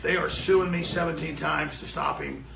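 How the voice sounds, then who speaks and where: A man, a show host, ranting furiously and profanely off air in a broadcast studio before going live, often shouting. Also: on the high side, steady tone, normal speed, gravelly, reverberant, background noise. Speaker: radio and web show host.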